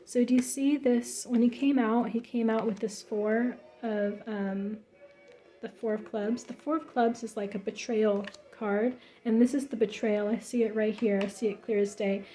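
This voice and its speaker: A woman's voice: a little high, steady tone, moderate pace, dark tone. A woman giving a casual tarot reading in an emphatic, chatty way, full of fillers and restarts. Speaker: tarot reader.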